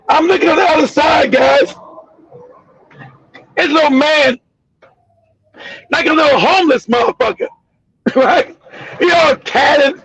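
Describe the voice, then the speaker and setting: Guy with a really high gravelly voice yelling through a raunchy story, super animated. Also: lo-fi sound. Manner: animated, profane storytelling with loud outbursts and laughter. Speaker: host. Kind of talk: storytelling on a livestream.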